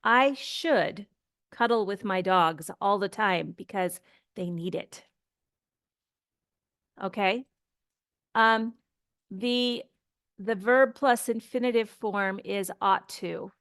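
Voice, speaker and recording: A woman's voice: mid-range voice, slow, long pauses, a bit bright, no room sound, studio quality. A woman teaching an English grammar lesson, explaining patiently and repeating example phrases to model pronunciation.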